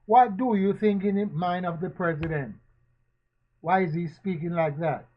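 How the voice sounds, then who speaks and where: A man giving spoken commentary, asking questions again and again and preaching in a slow, emphatic way. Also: high voice. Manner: rhetorical, repetitive questioning. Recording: dull lo-fi recording.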